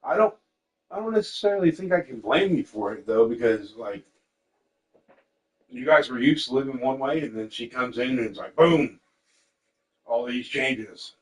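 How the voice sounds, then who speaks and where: A young man talks in a loose, candid way, swearing freely as he tells stories. He jumps into lively voices to act out what others said to him. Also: medium pitch, moderate pace, pauses often, poor audio. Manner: candid and profane, quotes people in lively voices. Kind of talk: casual storytelling chat.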